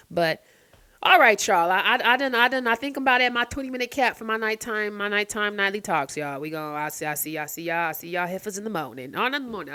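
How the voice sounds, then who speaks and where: A woman vlogger in casual late-night chat to the camera, swearing freely and ranting with sudden loud outbursts. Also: on the low side, clean tone, no echo.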